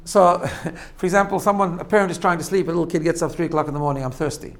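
A man's voice: on the high side, fast talker, fairly bright tone. A man giving a spoken lesson, explaining step by step with frequent "right?" checks and repeated phrases. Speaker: teacher. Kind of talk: spoken lesson on self-growth.

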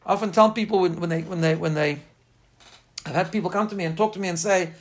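A man's voice: high-pitched, fast. Earnest man teaching a faith class. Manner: earnest, emphatic, storytelling. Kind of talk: informal spoken class lecture with personal anecdotes.

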